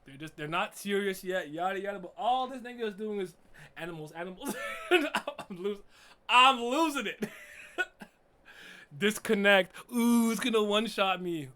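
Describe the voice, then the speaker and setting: Man with a sharp, piercing voice. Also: high voice, expressive, moderate pace. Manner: laughing, swearing, with loud frustrated outbursts. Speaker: streamer reacting to an anime episode. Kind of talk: casual reaction commentary.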